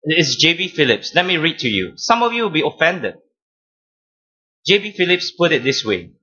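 A man preaching a sermon as pastor, teaching deliberately, stressing key words and repeating phrases. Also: a little high, sing-song, sharp tone, highs cut off.

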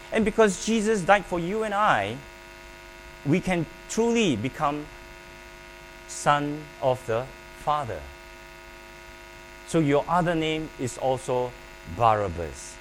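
A man preaching a sermon, emphatic and paced with pauses, calling on the congregation to repeat his words. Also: fairly high pitch, poor audio. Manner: emphatic, with pauses and call-and-response prompts. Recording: faint mains hum.

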